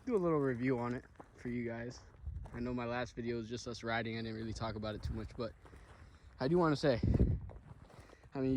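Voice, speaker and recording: A man's voice: mid-range voice, a little hiss or hum, poor audio. A tired, out-of-breath man recording a loose, chatty review vlog outdoors on riding trails, talking with lots of fillers and repeats. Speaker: vlogger reviewing his ATV.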